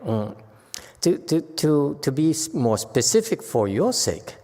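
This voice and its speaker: A man's voice: on the high side, sing-song, unhurried, warm tone. A man teaching as a Buddhist master in a Dharma lecture, teasing and blunt with his listeners and laughing often. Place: temple lecture hall. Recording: long hall reverb.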